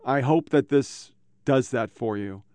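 Profane rambling man, smooth voice. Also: medium pitch, a little slow, darkish tone, no room sound. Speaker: podcast host. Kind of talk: casual rambling monologue. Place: home computer setup. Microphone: own microphone.

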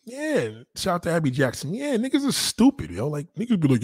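Profane, animated New man ranting. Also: a little fast, hardly any pauses, breathy edge, no room sound, clean studio sound. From New York. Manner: profane, animated, swinging pitch. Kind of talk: casual rant.

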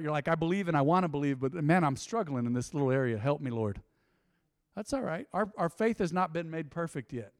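A man preaching a sermon, swinging between loud swells and quiet, intimate drops. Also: on the high side, dry recording, studio quality. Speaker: pastor. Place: church.

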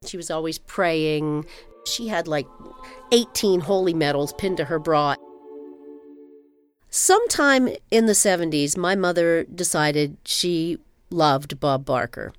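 A woman telling a personal story in a wry, animated way. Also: low-pitched, takes it slowly. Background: music.

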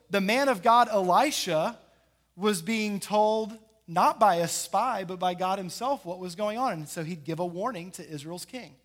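A male pastor delivers a sermon with a fairly high voice. He retells scripture with a lively storytelling manner, slipping into the voices of the characters as he goes. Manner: animated storytelling, acting out the characters.

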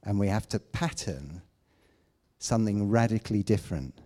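A man preaching a sermon, emphatic, with loud declamations and quiet asides. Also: fairly low pitch, animated, normal speed.

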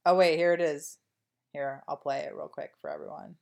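A woman's voice: deep voice, steady tone, normal speed, vocal fry, a little mellow. A woman co-hosting a podcast in casual chat, rambling and wry with lots of fillers. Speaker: podcast co-host.

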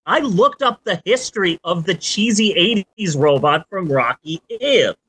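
Podcast guy ranting about movies, voice all over the place, jokey and loud in bursts. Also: sits high, measured pace, a little hiss or hum. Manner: animated, ranting and joking, with swearing outbursts. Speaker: podcast host. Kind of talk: casual movie chat.

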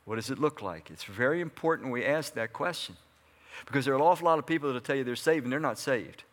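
A pastor preaches conversationally to his congregation in a church hall, posing questions and answering them himself. His voice is mid-range and fairly bright, and he talks fast.

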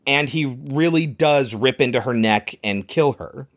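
A man's voice: medium pitch, unhurried. A man co-hosting a casual podcast, animatedly retelling a film's scenes and laughing often. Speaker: podcast co-host. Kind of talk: casual movie recap chat.

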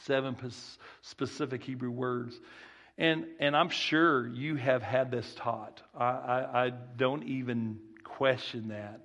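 A man preaches with a Southern country accent and a gravelly, creaky voice. He keeps it folksy, repeats his key phrases and often starts a sentence over. His pitch sits in the middle for a man. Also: fairly even intonation, takes it slowly, fairly bright tone. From rural Texas. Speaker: guest preacher. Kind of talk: sermon.

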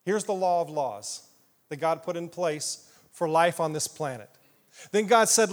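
A high-voiced man preaches with animated, playful energy, asking the congregation questions. His voice rings with long reverb through a church hall. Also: unhurried. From southeast Iowa, US. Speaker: pastor. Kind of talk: sermon.

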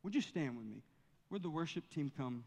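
This pastor preaches in a church sanctuary, rising in fervor as he reads scripture aloud. His voice is fairly high, gravelly and slightly mellow, animated at a moderate pace, with a big-room sound.

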